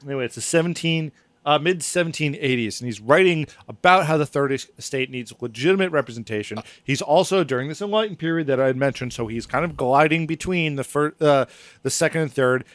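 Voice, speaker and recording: A man's voice: a little high, fast talker, no echo. A man hosting a comedy history podcast, reading from his script in a rambling, laughing, swearing way. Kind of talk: casual comedic history chat.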